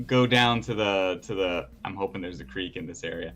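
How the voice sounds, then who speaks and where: A man's voice: low-pitched, moderate pace, a bit bright, soft background music. Male player, easygoing and casual. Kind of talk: casual tabletop play.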